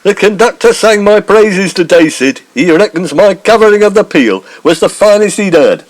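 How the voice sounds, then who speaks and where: A pompous, self-important everyman, played by a man with a fairly high voice. He is full of indignation and holds forth about himself at every turn. It is classic radio-style comic pastiche. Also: lively intonation, normal speed. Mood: indignant.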